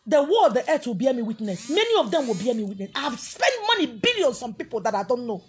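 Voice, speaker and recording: Nigerian woman ranting to camera, high husky voice, defiant and preachy. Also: big pitch swings, fast. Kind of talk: ranting vlog monologue.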